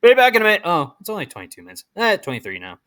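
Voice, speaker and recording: A man's voice: high-pitched, wildly swooping pitch, very fast, bright, forceful tone. A man commenting casually on a video game as he plays, chatty and rambling, often restarting his sentences, with game music behind him. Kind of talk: let's play commentary.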